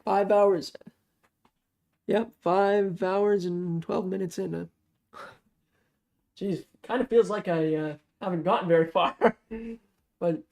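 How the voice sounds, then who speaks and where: The voice is gravelly and medium-pitched, slow, with frequent pauses, heard in an echoey room. Narrating a thriller novel casually, the reader keeps a steady pace yet keeps correcting and restarting phrases.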